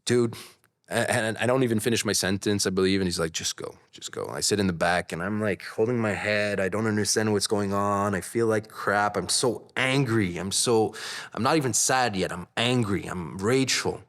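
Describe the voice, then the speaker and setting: Low-voiced man telling a candid story. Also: normal speed. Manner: candid, animated retelling with voiced quotes. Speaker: guest. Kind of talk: casual storytelling.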